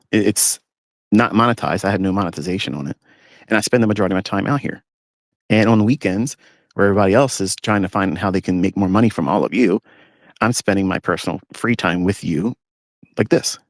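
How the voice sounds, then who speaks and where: A man's voice: on the low side, no echo, clean studio sound. A man talking as a trading mentor, blunt and ranting, mocking others in a live audio talk from inside a parked pickup truck. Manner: blunt, ranting, mocking rivals in put-on whiny voices.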